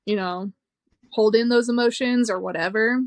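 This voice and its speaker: A woman's voice: on the high side, moderate pace, dry recording. A young woman, a podcast guest, telling a personal story in a frank, emotional way, swearing freely and laughing between hard moments. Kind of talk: candid conversational storytelling.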